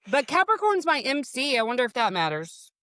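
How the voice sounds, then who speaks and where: A woman's voice: sits high, very animated, fairly quick, sharp tone, dry recording, clean studio sound. A woman guest on a podcast, talking frankly in casual chat, swearing freely and calling people honey.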